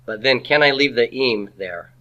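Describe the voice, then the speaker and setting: A man lectures a classroom, his voice bright and forceful over a somewhat dull, muffled recording. He keeps quizzing his students with rhetorical questions and slips in playful asides. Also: medium pitch, normal speed. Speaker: Hebrew grammar teacher.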